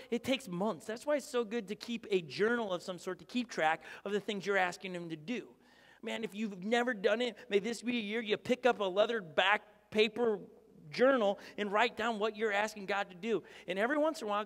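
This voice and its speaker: A man preaching a sermon with a high, light voice, animated and conversational. He slips into quick voices to act out prayers and quotes. The sound rings with the long reverb of a large hall. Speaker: pastor. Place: church auditorium.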